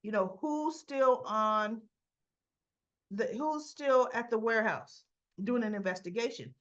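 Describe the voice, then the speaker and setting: A woman's voice: a little high, unhurried, a bit bright, highs cut off. Chatty woman recapping soap scenes. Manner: chatty, retells scenes with quoted dialogue. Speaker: soap opera reviewer. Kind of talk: casual recap and commentary.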